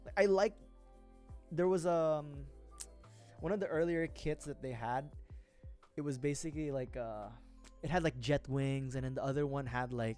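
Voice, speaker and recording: A man's voice: on the high side, moderate pace, pauses often, a little mellow. A man livestreaming as he builds a model kit. He rambles casually, mutters to himself while he works and swears often. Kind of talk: casual rambling stream chat. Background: faint background music.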